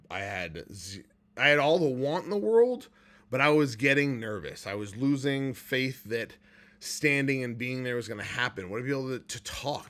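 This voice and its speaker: A man's voice: medium pitch, fairly bright tone. Emotional man sharing a candid recovery story. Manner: heartfelt and candid, at times choked up with pauses and sighs. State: emotional, near tears. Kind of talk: emotional personal livestream talk.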